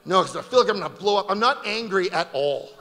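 Man, guest preacher, high voice, loud and joking, long reverb. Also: lively intonation, fast, vocal fry, noisy background. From Canada. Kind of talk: fiery sermon. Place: large conference hall.

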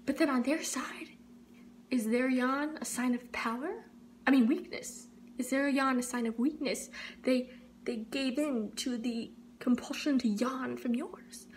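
A woman's voice: sits high, moderate pace, a little hiss or hum. A woman vlogging a playful, rambling monologue in a mock-profound way. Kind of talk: comedic monologue to camera.

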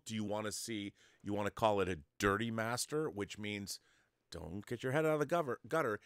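A man's voice: on the low side, fairly bright tone, no echo, clean studio sound. A man hosting an online show, explaining film-making to his viewers in a lecturing, conversational way. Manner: talks straight to the viewer, lecturing with examples. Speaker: host.

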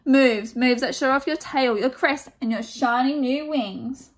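Woman doing a gushing glamorous bird stylist. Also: high-pitched. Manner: gushing, drawn-out, calls everyone darling.

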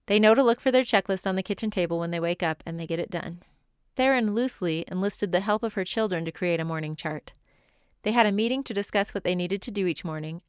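A woman's voice: on the low side, smooth, no room sound, studio quality. A woman hosting a podcast, reading other mothers' stories from a script and adding her own asides. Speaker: podcast host. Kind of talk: scripted narration.

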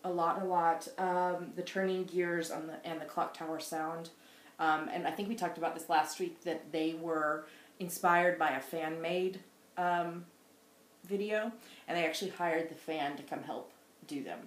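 A woman co-hosting a casual knitting podcast with her daughter, chatty and quick to laugh as she tells stories. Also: on the low side, steady tone. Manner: chatty, giggly storyteller. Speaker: podcast co-host, mother. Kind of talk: casual chat. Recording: roomy echo.

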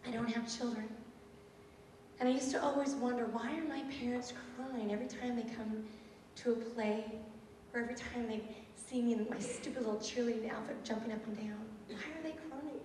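A woman's voice: a little high, brisk, slight background noise. A woman in her thirties, a teacher giving a lecture, telling stories animatedly and acting out her students' lines. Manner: animated, acts out students' quotes. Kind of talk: storytelling talk. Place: university auditorium. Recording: echoey hall from far off, lo-fi tape.

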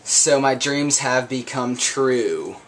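A man's voice: mid-range voice, slow, fairly bright tone, a little hiss or hum. A young man giving casual let's play commentary, confused, swearing a lot, laughing and yelping whenever he gets hit. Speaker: gameplay commentator.

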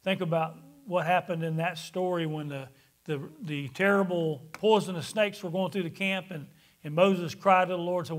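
A man's voice: sits high, brisk. A male pastor preaching a sermon, reading scripture aloud, putting questions to the congregation and chuckling now and then. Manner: animated, reads scripture aloud.

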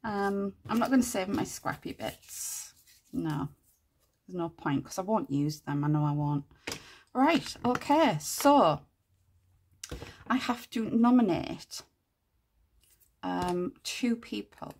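A woman hosting a casual crafting tutorial, chatting and thinking aloud as she works, with quiet muttered asides to herself. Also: mid-range voice, animated, takes it slowly, pauses often, slight background noise. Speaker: craft channel host.

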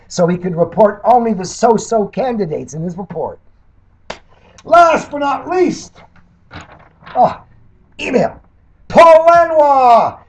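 Older male candidate, high husky voice, mocking and combative rebuttal monologue. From Canada. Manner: combative, mocking, swinging between loud jabs and low mutters. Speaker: political candidate and commentator. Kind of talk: sarcastic monologue reading and rebutting criticism.

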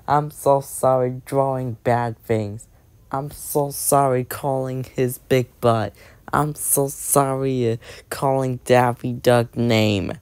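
A woman voicing a young girl in a fan-made cartoon who apologizes to her family in halting, repetitive phrases full of fillers. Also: a bass voice, a little mellow, dry recording, heavily acted.

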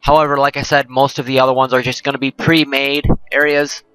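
A man's voice: medium pitch, little pitch movement, fairly quick, a bit bright, clear, resonant tone, no room sound, rough recording. A man hosting a let's play, giving rambling, jokey gameplay commentary and often correcting himself.

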